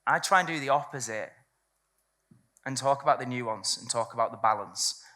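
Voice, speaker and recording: Woman, seminar speaker, bright forceful tone, blunt, swears freely, live audience talk. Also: rumbling low, moderate pace. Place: event room with a live audience.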